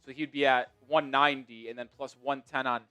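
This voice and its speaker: A man with a New York accent hosting a live sports stream, chatting excitably and swinging from mumbles to shouts. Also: medium pitch, a little fast, clean tone, faint music behind. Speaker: sports show host.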